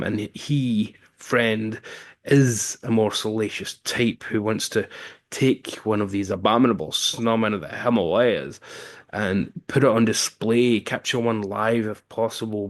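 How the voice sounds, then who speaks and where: A man casually recapping a film's plot as a reviewer, with wry asides and frequent um fillers. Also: lowish voice. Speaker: film reviewer.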